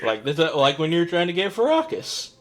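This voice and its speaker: A man chatting casually on a game recap show, laughing often and talking in a relaxed, drawn-out way. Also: on the high side.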